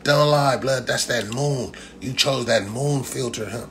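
A man's voice: mid-range voice, measured pace, a bit bright, a little hiss or hum. A man ranting casually and profanely at commenters on his livestream, throwing in "blood" after nearly every line. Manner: loose, profane trash talk, repeats "blood" constantly. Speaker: livestream host.

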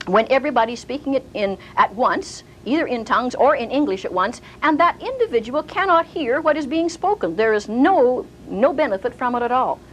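A woman's voice: high-pitched, fairly quick, hardly any pauses, a little hiss or hum, low-quality recording. An older woman teaching a sermon, telling stories and acting out the voices of the people in them. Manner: animated storyteller, acting out quoted voices. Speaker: Bible teacher.

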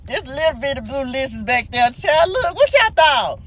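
A woman's voice: high voice, very animated, a little fast. A woman hosting a casual live spiritual morning message from her car on a phone stream. She is exuberant, laughs often and greets viewers by name. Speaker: spiritual livestream host. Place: sitting in a car.

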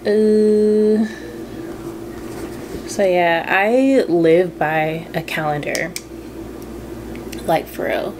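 Speaking to a camera on a stand at home, a young Southern California vlogger keeps it chatty and laid-back, calling her audience "girl" and "y'all." Her slightly low voice is expressive but slow, with long pauses, and household noise is plainly audible behind her.

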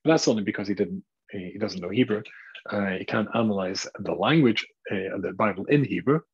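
A man, a rabbi, giving a lecture and telling a self-deprecating anecdote with halting restarts, in a dull lo-fi recording. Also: fairly low pitch, husky.

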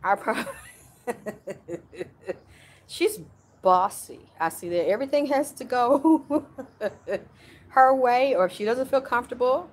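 A woman's voice: on the high side, animated, takes it slowly, pauses often. A woman working as a spiritual medium, channeling in a casual livestream from outdoors in her yard, rambling along with frequent sighs and small laughs.

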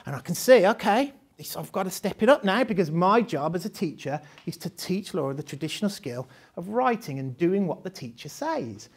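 A man's voice: high voice, very animated, a little fast, hardly any pauses, breathy edge. A man leading a live training session for teachers, talking conversationally with rhetorical questions and frequent laughs.

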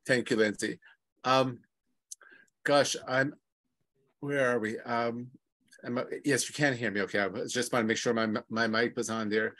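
A man's voice: mid-range voice, fairly even intonation, normal speed, long pauses, a bit bright, no echo. A man asking a question in an online session, hesitant with many ums and restarts. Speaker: audience member asking a question. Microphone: video call.

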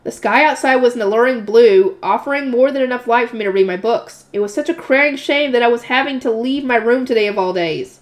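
A woman's voice: a little high, brisk, hardly any pauses. A woman reading a light novel aloud and stopping now and then for casual comments. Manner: breaks off for chatty comments and laughs at herself.

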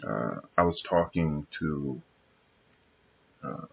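A man talking to his viewers in a casual, reflective monologue. He is measured and earnest, pausing often with fillers. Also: a bass voice, animated, gravelly, a bit bright, slightly rough, lo-fi sound. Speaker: vlogger addressing his viewers.

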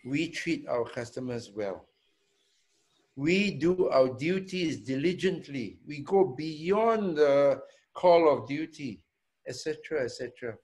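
A man, a hotel owner, answering students' questions in a Q&A, deliberate and emphatic, often checking in with a quick "yeah?" and repeating words for emphasis. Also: on the high side, animated, darkish tone. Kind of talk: Q&A talk.

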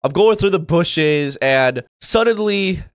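A young man casually telling a party story to camera, animated and swearing freely, acting out what others said. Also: on the high side, slow pace, no room sound. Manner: animated, acts out quoted voices, swears freely. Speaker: storytime YouTuber.

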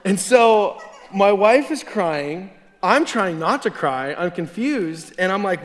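Animated male preacher in a reverberant sanctuary. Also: high voice, slow pace. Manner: conversational and animated, chuckles mid-sentence. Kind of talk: sermon told as a personal story. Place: church sanctuary. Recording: long hall reverb.

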